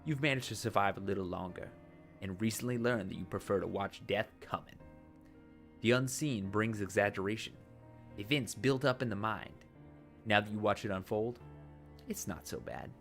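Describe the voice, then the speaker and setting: Over faint music, a man with a lowish, slightly bright voice and some vocal fry reads a text adventure game aloud at a moderate pace. He narrates dramatically in a put-on accent, breaking off for casual asides to his viewers.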